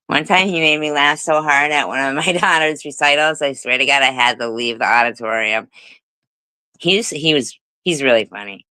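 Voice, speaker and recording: Woman with a clear, bright voice. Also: very deep voice, normal speed, no echo, poor audio. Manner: laughs often, swears casually, rambling. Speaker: livestream host. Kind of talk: casual storytelling chat. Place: home livestream.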